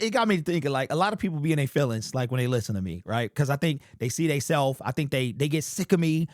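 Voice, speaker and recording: A man in his forties hosts a sports YouTube channel, doing a casual fan commentary vlog. His medium-pitched voice is chatty and rambling with frequent restarts, recorded in studio quality with no room sound.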